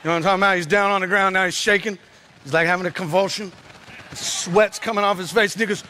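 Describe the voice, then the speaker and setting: Pastor guy, high bright voice, preaching loud and acting stuff out with sound effects. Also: quick pace. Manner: animated, acts out scenes with shouts and sound effects. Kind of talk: energetic sermon storytelling.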